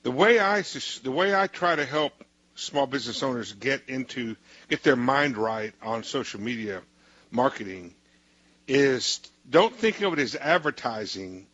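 A man's voice: medium pitch, lively intonation, measured pace, a bit bright, no echo, lo-fi sound. A male host interviewing a guest, rambling with many restarts and cutting in. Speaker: show host.

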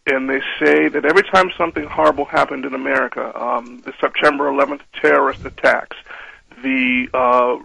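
A man appearing as a financial advisor guest on a radio show, explaining things in a measured way. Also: mid-range voice, steady tone, vocal fry, pushed and bright, dry recording, poor audio. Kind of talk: radio interview.

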